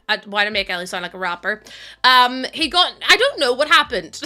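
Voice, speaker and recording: A woman with a Northern Irish accent chatting fast with her stream audience, tired and laughing often. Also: mid-range voice, lively intonation, pushed and bright. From Northern Ireland. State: tired from lack of sleep. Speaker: live streamer. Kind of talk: casual chat with a stream audience.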